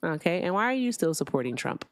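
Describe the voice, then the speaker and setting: A woman's voice: lowish voice, very animated, quick pace, dry recording, studio quality. A woman hosting a live call-in debate stream, joking, laughing and sarcastic with callers. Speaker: livestream host.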